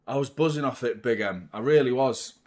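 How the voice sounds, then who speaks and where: Man, football watchalong host, casual live commentary, sweary, animated. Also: medium pitch, brisk. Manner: animated, sweary banter with a laughing tone.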